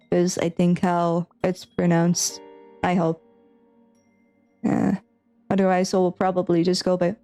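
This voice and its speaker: Here a game streamer reads from a visual novel in a lowish, level, warm and clean voice, talking slowly with long pauses. Soft music plays underneath as she reads lines and wanders through her theories with giggly, uncertain comments.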